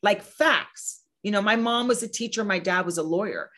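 A woman in her thirties speaks in a casual, earnest chat, pressing her points with emphasis. Her pitch sits in an ordinary middle range, and she slips into quick voices when quoting other people. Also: bright, forceful tone. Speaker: podcast host and guest speaker.

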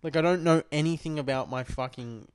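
A man's voice: fairly high pitch, a little fast, clear, resonant tone, no room sound. A young Australian man co-hosting a podcast in casual chat, crude and jokey, swearing constantly into a podcast mic. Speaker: podcast co-host.

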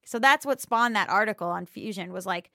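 A woman's voice: mid-range voice, a little fast, no echo. Woman youtuber in her 30s venting in an interview, blunt, swears a lot, very dry close sound. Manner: frank, profane, animated. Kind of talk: candid interview.

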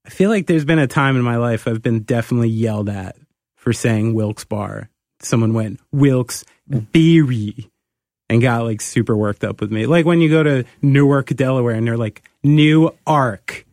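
Chatty, excitable podcast host man. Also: medium pitch, quick pace, no room sound, studio quality. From New Jersey. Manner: excitable, loose and chatty, full of "like". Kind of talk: casual chat.

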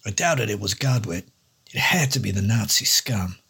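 Gravelly man narrating hard-boiled noir. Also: fairly low pitch, animated, moderate pace, sharp tone. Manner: dry, wry first-person detective voice. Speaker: storyteller and host.

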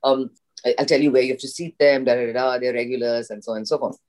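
A woman's voice: a bass voice, fast talker. Woman from india, actress, telling a story and doing all the voices, chatty interview. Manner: animated anecdote with acted-out dialogue and laughs. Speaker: guest actress.

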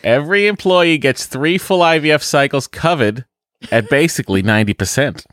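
A man's voice: a little high, expressive, moderate pace, fairly bright tone, no echo, clean studio sound, pitched above the performer's own voice. A man doing a chatty Boston mom. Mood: earnest. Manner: exaggerated accent, breathless listener-letter reading. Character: chatty new mother in her thirties. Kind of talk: comic letter reading on a podcast.

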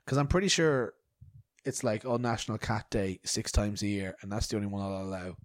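This host talks briskly in a fairly low voice with lively intonation, with no room sound on the recording. His solo podcast is a rambling affair of swearing, put-on outrage, and a nasty cough.

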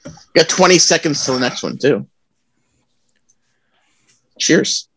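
A man's voice: on the high side, takes it slowly, slight background noise. A man co-hosting a podcast, joking and laughing through a casual drinking game. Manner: loud, laughing, joking banter. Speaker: podcast co-host.

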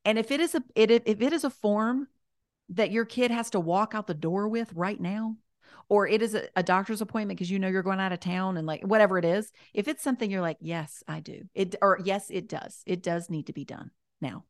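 Here a podcast guest shares life advice in a casual conversation, speaking briskly in a mid-range voice. Gentle and encouraging, she's chatty and keeps saying "like" and "you know" while fixing her sentences partway through. Audio is clean and studio-quality, free of echo.

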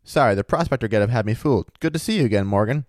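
A man's voice: medium pitch, expressive, very fast, darkish tone, no room sound, studio quality, lightly acted. A man doing a clipped, guarded spy. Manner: clipped and brusque. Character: guarded, stiff male spy.

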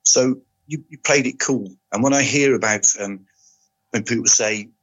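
An older man, a former soldier and police officer, recounting stories in a matter-of-fact, unhurried way as a podcast guest. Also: medium pitch, a bit bright, slightly rough. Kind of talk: casual storytelling. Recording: dull lo-fi audio.

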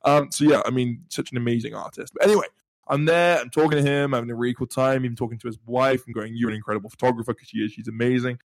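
A young man, telling animated stories with playful bragging as a podcast co-host. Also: medium pitch, fast, gravelly, no echo. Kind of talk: casual storytelling chat.

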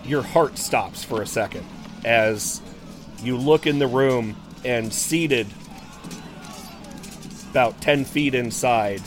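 A man narrating a tabletop game as game master, with many fillers and restarts. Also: mid-range voice. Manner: halting, frequent fillers and laughs.

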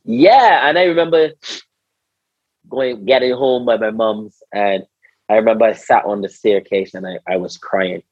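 Husky Barbadian man telling stories. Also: on the low side, moderate pace, no echo, muffled recording. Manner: animated, repeats words, slangy. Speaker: interview guest, former cricketer. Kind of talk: storytelling in casual conversation.

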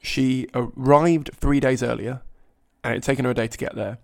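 Gravelly man telling a comic story. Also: medium pitch, normal speed. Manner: animated, profane, self-mocking. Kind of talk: comic anecdote, conversational.

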